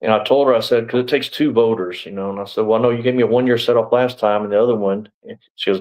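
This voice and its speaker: A man's voice: on the low side, fairly even intonation, fast talker, dull audio. A middle-aged man telling his story as an interview guest, rambling and blunt, full of "you know" and restarts. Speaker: interview guest, former sheriff's deputy.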